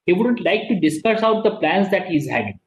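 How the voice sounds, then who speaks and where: A man with an Indian English accent teaching a class, explaining slowly with many repetitions and frequent "okay"s. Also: high voice, big pitch swings, echoey room, highs cut off, slight background noise. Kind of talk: classroom lecture.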